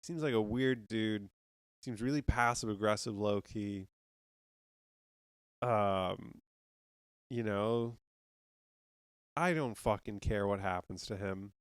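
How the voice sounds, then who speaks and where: A man's voice: on the low side, takes it slowly, long pauses, smooth, no echo, studio quality. A man hosting a podcast, ranting casually about baseball with heavy swearing and rambling restarts. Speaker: podcast host. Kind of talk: casual sports rant.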